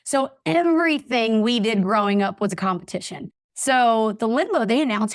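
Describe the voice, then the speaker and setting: Animated woman telling a story. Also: fairly high pitch, normal speed, no echo, studio quality. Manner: animated, acts out voices in her anecdotes. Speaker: podcast guest. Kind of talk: storytelling in a casual interview.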